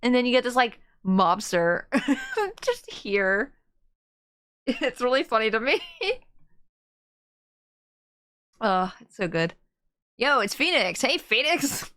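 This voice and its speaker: A woman's voice: fairly high pitch, sing-song, takes it slowly, long pauses, fairly bright tone. A woman streamer giving casual, giggly let's-play commentary and reacting aloud to a game.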